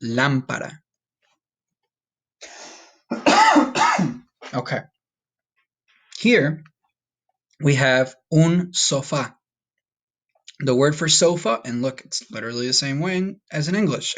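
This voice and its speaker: A man teaching a recorded Spanish vocabulary lesson, patient and upbeat, slowing down to repeat each word. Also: on the high side, very animated, a bit bright. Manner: patient, slow repetition drills with upbeat asides.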